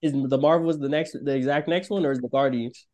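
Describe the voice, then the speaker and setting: A man co-hosting a casual film podcast, joking and quick to laugh as he quizzes his co-hosts. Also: mid-range voice. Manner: joking, animated, laughs often. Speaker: podcast co-host. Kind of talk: casual chat.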